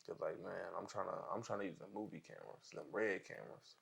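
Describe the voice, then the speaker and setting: A young videographer speaks in a low, gravelly voice. He talks casually in slang. His tone is relaxed but can turn animated. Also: quick pace. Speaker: video director. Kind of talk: casual chat.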